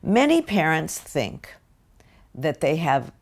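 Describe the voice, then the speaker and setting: Older american woman teaching parents, low voice with some gravel, slow and careful. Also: sing-song. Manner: slow deliberate delivery with acted-out parent quotes. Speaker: parenting educator. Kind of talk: spoken lecture to parents.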